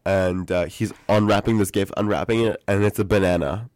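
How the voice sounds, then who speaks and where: A young man co-hosting a casual podcast, telling animated stories and mimicking people. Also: fairly quick, dry recording, clean studio sound. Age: young adult. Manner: animated storyteller, mimics people in high voices. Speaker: podcast co-host. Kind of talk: casual chat.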